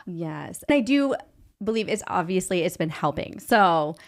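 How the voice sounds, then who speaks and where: A woman hosting a podcast, telling a personal story in a casual, animated way and acting out the dialogue she quotes. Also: fairly low pitch, moderate pace. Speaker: podcast host.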